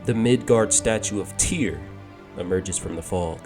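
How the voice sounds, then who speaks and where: A man with a fairly low voice narrates a fan-made game story, describing each scene in a steady, measured way. Loud music plays under him throughout.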